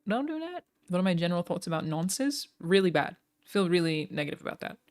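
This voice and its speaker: A woman's voice: on the low side, fairly even intonation, fast talker. An Australian woman livestreamer chatting casually with her viewers, joking and self-deprecating.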